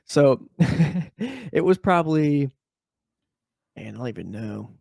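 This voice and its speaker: A man co-hosting a casual podcast over a video call, telling stories with lots of laughter and acting out the people in them in high voices. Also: sing-song, takes it slowly, creaky, darkish tone, no room sound, clean studio sound. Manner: laughing storyteller who acts out quoted people in high voices. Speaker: podcast co-host. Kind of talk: casual chat.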